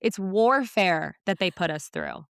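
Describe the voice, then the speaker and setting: A woman's voice: on the low side, wildly swooping pitch, unhurried, clean tone, dry recording, clean studio sound. A woman in her thirties co-hosting a casual podcast, reflective, laughing easily. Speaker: podcast co-host. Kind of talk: casual chat.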